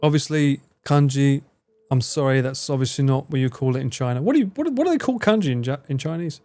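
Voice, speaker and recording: A man's voice: mid-range voice, expressive, quick pace, warm tone, faint music behind. Rambling man, sweary. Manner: rambling, swears freely, laughs often. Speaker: livestreamer. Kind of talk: casual chat reading out and answering live chat.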